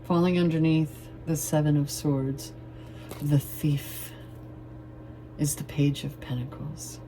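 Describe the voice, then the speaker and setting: Woman, tarot reader, low mellow voice, casual and playful, swears freely. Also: fairly even intonation, takes it slowly, a little hiss or hum. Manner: chatty and loose, swears playfully, laughs often. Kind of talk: casual tarot reading to camera.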